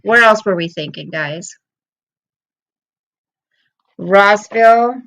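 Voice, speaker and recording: A middle-aged woman talks casually to her viewers on a livestream. She rambles through personal stories in an open, emotional way. Her pitch sits in a mid range. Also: takes it slowly, vocal fry, fairly bright tone, low-quality recording. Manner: chatty, rambling, emotional storytelling. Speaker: livestream host.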